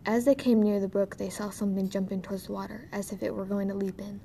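A woman narrating a fairy tale in a steady, measured storytelling voice. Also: mid-range voice, creaky, a little hiss or hum.

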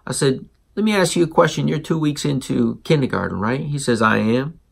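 A man hosting a parenting show, telling a story and acting out the dialogue in an animated way. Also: mid-range voice, fairly quick, creaky, breathy edge. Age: adult parent. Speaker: podcast host. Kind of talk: storytelling monologue.

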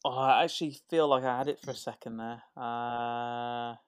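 A man's voice: medium pitch, steady tone, moderate pace, clean tone. A man co-hosting a casual podcast with friends, joking and teasing them playfully. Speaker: podcast co-host.

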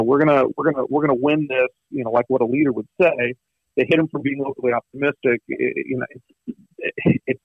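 A man appearing as a guest commentator on a talk show, speaking earnestly and haltingly, with frequent restarts. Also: medium pitch, creaky, slightly rough, no room sound, muffled recording. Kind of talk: conversational political talk.

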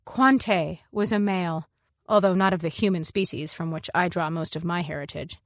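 Woman narrating a sci-fi short story, lower voice, calm measured reading. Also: dry recording, studio quality. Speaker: audiobook narrator, actress. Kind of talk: scripted first-person story narration.

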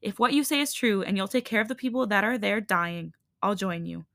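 A woman's voice: medium pitch, a little fast, gravelly, a bit bright, no room sound, clean studio sound. A woman reading a defiant, bitter female hybrid leader in a scornful, clipped voice.

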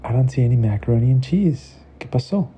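A man's voice: medium pitch, fast talker, highs cut off, slight background noise, lightly acted. A man doing an eager little boy. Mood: excited. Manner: blurts excited short replies. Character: little boy who loves food, eager and stubborn. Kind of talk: bedtime storytelling.

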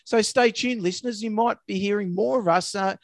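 A middle-aged man with an Australian accent, co-hosting a casual podcast in a relaxed way, laughing often. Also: high voice, brisk, creaky, no echo. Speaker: podcast co-host, vet. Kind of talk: casual chat.

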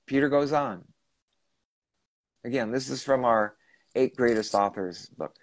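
A podcast host with a medium-pitched voice earnestly recounts a channeling session on his spiritual show, speaking unhurriedly with no room sound. As he retells it, he restates and rephrases the questions he asked.

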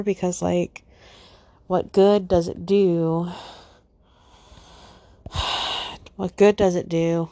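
Upset young woman venting solo, sighs a lot, low gravelly voice, dry close sound. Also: a little mellow, no echo. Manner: frequent heavy sighs, upset. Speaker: podcast host.

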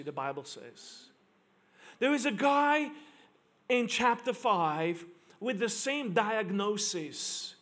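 A man's voice: high voice, a bit bright. A man preaching a sermon to a congregation, emphatic and repeating key lines for stress. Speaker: pastor. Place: church service in front of a congregation.

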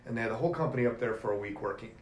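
Middle-aged male guest, mid pitch, emphatic storyteller, echoey room with faint noise. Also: rapid-fire. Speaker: podcast guest, jiu-jitsu black belt. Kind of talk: casual storytelling conversation.

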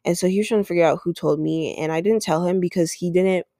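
Gravelly-voiced woman telling a rambling storytime. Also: lowish voice, fast talker, warm tone, dry recording, clean studio sound. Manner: rambling, heavy use of "like", acts out quoted dialogue. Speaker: podcast host. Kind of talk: casual storytime monologue.

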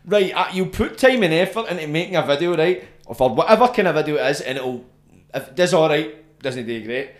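A Scottish man hosting a podcast, telling stories in a sweary, slangy, animated way. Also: a little high, fairly quick. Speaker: podcast host. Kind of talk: casual chat. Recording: roomy echo.

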